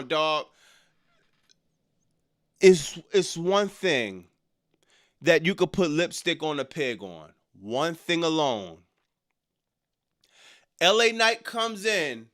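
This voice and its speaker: High bright voiced guy ranting to his chat, slangy and fed up, smooth clear sound. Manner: exasperated, slangy, mocks lines in exaggerated voices. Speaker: wrestling commentary streamer. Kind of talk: casual reaction stream.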